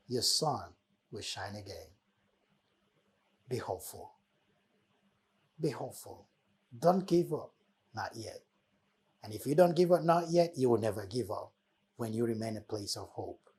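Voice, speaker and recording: A man delivers a motivational talk in a slightly husky voice. He speaks like a preacher, repeating key words and letting his voice swell on them. His pitch sits in an ordinary middle range. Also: animated, a little slow, long pauses, darkish tone. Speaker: host.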